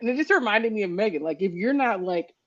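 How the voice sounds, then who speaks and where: A woman's voice: medium pitch, expressive, quick pace. A woman with a mid-range voice talks expressively, slipping into little acted quotes as she makes her point. The audio is somewhat dull and lo-fi, like a streamed call. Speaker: podcast co-host. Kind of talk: casual chat.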